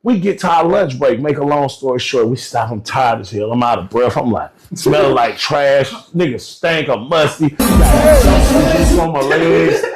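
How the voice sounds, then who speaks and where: Appearing as a podcast guest, a man tells a story in a casual, slangy way, speaking directly to listeners and acting out the voices of the other people involved. His mid-range voice moves at a moderate pace with hardly any pauses, very animated, while faint music plays in the background.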